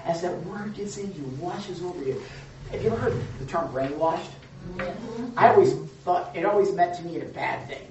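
A woman's voice: lowish voice, expressive, normal speed, darkish tone. A woman pastor preaches a conversational sermon, putting questions to her listeners. Her voice comes from some distance in a roomy hall, and the recording sounds somewhat dull with faint background noise. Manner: conversational, asks the congregation questions.

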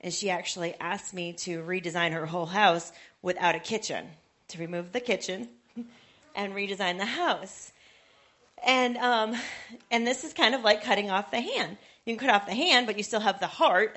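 A woman's voice: mid-range voice, normal speed, a bit bright. A woman in the congregation telling a story from her own life, speaking conversationally with light hesitations. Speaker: congregation member sharing a story. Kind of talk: casual testimony.

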